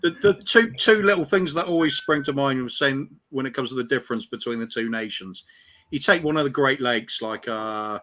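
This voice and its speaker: A man's voice: medium pitch, normal speed, fairly bright tone. Man with a medium voice, meandering. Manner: meandering storyteller, hesitant fillers. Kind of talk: casual chat.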